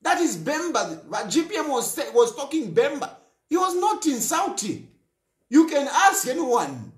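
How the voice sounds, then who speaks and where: A man's voice: very high voice, sing-song, unhurried, echoey room. A Zambian man hosting a talk show, speaking in an impassioned political monologue and repeating phrases for emphasis.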